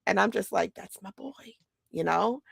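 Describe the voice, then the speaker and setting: A middle-aged woman talks straight to the point in a blunt casual monologue. Her mid-pitched voice has a gravelly edge. The sound is close and dry with no room echo. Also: moderate pace. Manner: blunt, animated, quotes others in acted voices. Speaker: mother and podcast host.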